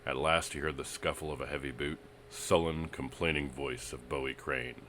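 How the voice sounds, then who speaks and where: A man narrating a pulp western story in a steady, dramatic reading. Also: very deep voice, normal speed, a little hiss or hum.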